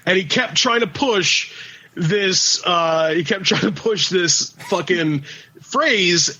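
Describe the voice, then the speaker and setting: A man's voice: sits high, expressive, normal speed, sharp tone, breathy edge, highs cut off. A man co-hosting a podcast in casual chat, rambling and swearing, with many restarts. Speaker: podcast co-host.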